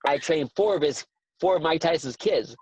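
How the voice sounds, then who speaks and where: Man in his forties, boxing trainer, eager storyteller, a bit high-pitched, dry and dull lo-fi sound. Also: moderate pace, breathy edge, no echo. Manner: earnest, excitable storyteller who repeats words. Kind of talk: casual interview storytelling.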